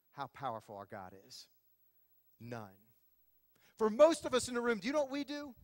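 A man preaching a sermon as pastor, telling a story with lively acted-out quotes. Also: sits high, no echo, long reverb tail. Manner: animated storytelling, acting out quotes. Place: church sanctuary.

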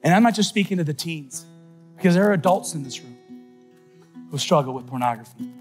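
A middle-aged man giving an animated faith talk at a youth conference, telling stories with sudden shouts and soft asides. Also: fairly high pitch, a little fast, soft background music. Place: large conference hall.

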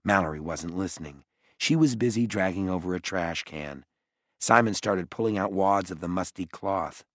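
A man reading an audiobook in expressive scripted narration, close to the mic. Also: low voice, moderate pace, no room sound. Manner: expressive storytelling.

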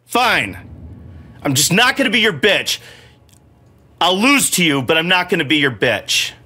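High, animated swearing gamer dad. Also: male voice, unhurried, breathy edge. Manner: frustrated, swears a lot, talks to himself. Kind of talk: casual gameplay commentary. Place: home room.

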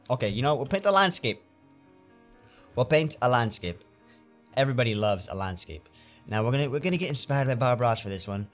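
A man's voice: mid-range voice, animated, fairly quick. A man giving theatrical let's play commentary, talking to himself as he paints in a game, with faint game music behind him. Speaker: gamer playing a painting game.

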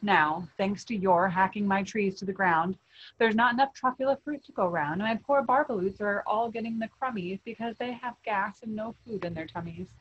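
A woman's voice: medium pitch, moderate pace, fairly bright tone, slightly rough, lo-fi sound. A woman reading a storybook aloud and voicing a small, cranky male forest creature who snaps and scolds. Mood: scolding. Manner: snappish, scolding.

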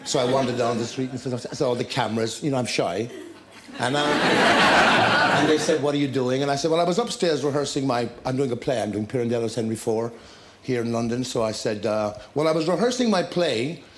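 A man, a talk show guest, telling lively anecdotes with laughter and acted-out scenes. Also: medium pitch, fairly quick, noisy background. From Ireland. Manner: storytelling with laughter, acting out scenes.

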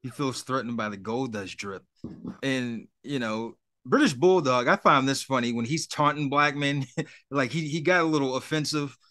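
Bright-voiced laid-back podcast guy. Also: medium pitch, normal speed. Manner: laid-back, rambling, stammers through restarts. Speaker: podcast co-host. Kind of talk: casual wrestling recap chat.

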